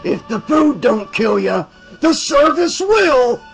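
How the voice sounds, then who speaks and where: A man voicing a burned male dream killer who hisses and taunts in a drawn-out, sneering way. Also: extremely high pitch, very animated, gravelly, slightly rough, soft background music, voice pushed up, exaggerated voice. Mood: gleeful taunting.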